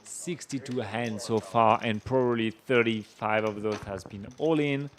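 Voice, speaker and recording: A man with a French accent commentating live poker, reacting to the action with quick gasps and laughs. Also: fairly low pitch, fairly even intonation, slight background noise.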